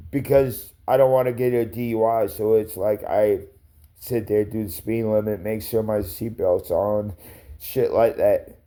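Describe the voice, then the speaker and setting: Man for a confrontational livestream rant, unhurried delivery with a dark tone, profane and accusatory. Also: medium pitch. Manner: profane, confrontational, addresses people by name. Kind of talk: rambling angry rant.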